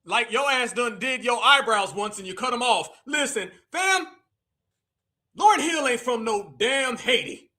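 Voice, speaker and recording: High, bright-voiced male livestream host. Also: measured pace. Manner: animated, mocking, preachy, sometimes shouting. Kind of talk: live commentary stream.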